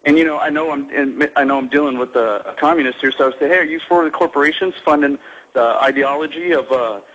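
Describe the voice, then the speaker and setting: A man's voice: fairly high pitch, fast, a bit bright. A man from South Texas, calling in as a local activist and telling an earnest story, sometimes acting out other people's voices. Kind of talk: phone-in account. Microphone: phone. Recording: dull lo-fi phone line.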